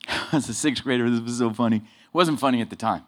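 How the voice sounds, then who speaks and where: A man preaching a sermon full of personal stories, swinging between loud emphasis and low asides. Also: a little fast. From Southern California.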